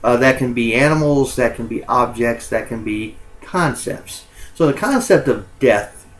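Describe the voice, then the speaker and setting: Male college instructor, mid-pitched, loose recorded lecture, frequent ums and uhs, stops to correct himself. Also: expressive, unhurried, rough recording.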